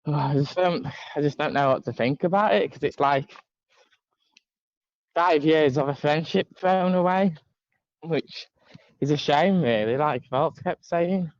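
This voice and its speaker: A man with a somewhat high voice tells stories in a hesitant, reflective way. His mic sounds dull and lo-fi, with a dry, close sound. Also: unhurried, long pauses, no room sound. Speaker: guest. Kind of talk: casual chat.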